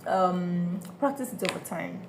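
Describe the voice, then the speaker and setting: Woman teacher, beginner language lesson, very slow deliberate delivery, faint room hiss behind. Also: fairly low pitch, gravelly. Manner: patient, repeats each sound slowly and checks understanding. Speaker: French teacher.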